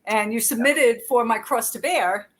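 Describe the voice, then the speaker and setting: Chatty woman with a high voice. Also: unhurried, fairly bright tone. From Florida. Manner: chatty, laughing, many restarts. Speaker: filmmaker. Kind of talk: casual group video chat.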